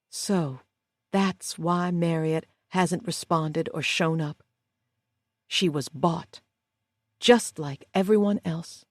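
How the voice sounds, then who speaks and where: A woman's voice: on the low side, no echo. Woman narrating a thriller, dry and close. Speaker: audiobook narrator. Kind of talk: first-person thriller narration.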